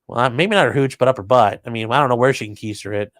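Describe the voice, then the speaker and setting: A man's voice: mid-range voice, quick pace, fairly bright tone, no echo. A man hosting a casual live stream, reading viewer comments and riffing on news with crude, offhand jokes. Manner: offhand, crude jokey asides. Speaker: livestream host reading chat.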